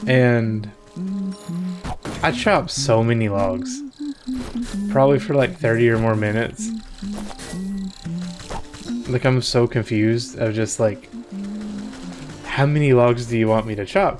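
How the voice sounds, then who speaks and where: A man hosting a game playthrough who makes rambling, soft-spoken casual asides. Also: mid-range voice, measured pace, long pauses. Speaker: let's play host. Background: game music.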